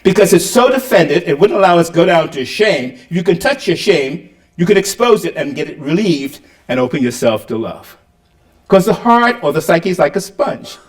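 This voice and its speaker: A man's voice: on the high side, very animated, normal speed. An older man giving a public lecture, asking the audience rhetorical questions and acting out the lines he quotes. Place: lecture hall. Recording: roomy hall, mic at a distance.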